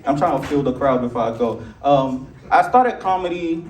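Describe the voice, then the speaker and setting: A young man with a Nigerian accent doing a stand-up comedy set, animated and jumping into a high voice for acted quotes. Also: moderate pace. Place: large theater stage with live audience. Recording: roomy theater sound, distant mic, loud audience laughter.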